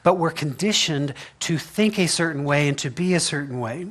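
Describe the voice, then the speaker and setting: A man's voice: on the high side, animated, moderate pace, fairly bright tone. A man giving a conversational sermon as pastor, chatty and humorous, often laughing and checking in with the congregation. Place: church sanctuary.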